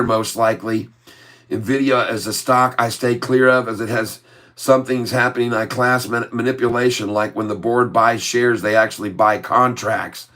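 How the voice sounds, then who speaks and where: A middle-aged American man hosting a casual stock-trading livestream, reading viewer comments aloud and answering them in a relaxed, chatty way. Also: medium pitch. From USA. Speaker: livestream host reading chat.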